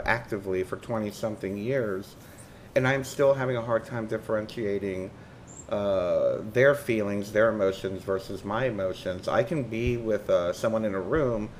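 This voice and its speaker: A man's voice: lowish voice, slight background noise. A man hosting a casual interview, hesitant and searching for words with many uhs. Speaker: interview host.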